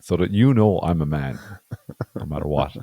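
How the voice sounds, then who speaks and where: Deep-voiced man, sarcastic and sweary. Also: lively intonation, moderate pace, dark tone, no echo. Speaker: podcast co-host. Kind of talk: casual chat.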